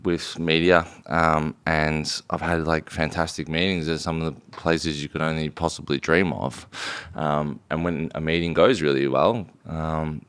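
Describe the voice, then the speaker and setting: Australian man, very low, gravelly, dry studio sound, sweary rambling founder. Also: fairly even intonation, a little slow, few pauses, a bit bright, no echo. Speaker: company founder, podcast guest. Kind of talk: casual podcast conversation.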